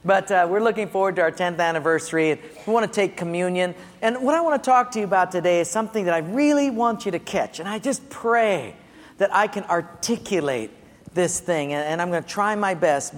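A man preaching as a pastor, telling a lively story with acted-out voices before turning to his sermon. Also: sits high. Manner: animated storytelling with acted-out quotes and laughter. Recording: long hall reverb with faint ambience.

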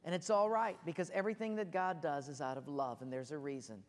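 A man preaching a sermon with passion, building to near shouts as he tells stories. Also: fairly high pitch, steady tone, quick pace, long reverb tail. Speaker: pastor.

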